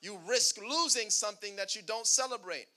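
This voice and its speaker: A male pastor whose voice sits high preaches at normal speed, sounding pushed and bright. He calls out to his congregation and asks them to answer back.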